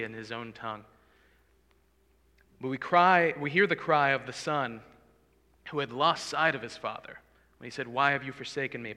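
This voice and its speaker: Earnest male preacher in a reverberant hall. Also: mid-range voice. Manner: earnest, pleading, swells loud for emphasis. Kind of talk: sermon.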